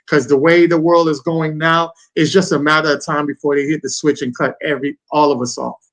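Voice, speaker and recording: A man's voice: a little high, little pitch movement, fairly quick, fairly bright tone. A man co-hosting a podcast in loose, rambling casual chat, often checking in with "you know what I'm saying". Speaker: podcast co-host.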